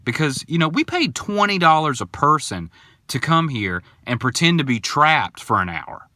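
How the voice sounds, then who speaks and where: Animated young man telling a story. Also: a little high, a little slow, dry recording. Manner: animated, indignant storytelling with quoted voices. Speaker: podcast host. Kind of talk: casual storytelling monologue.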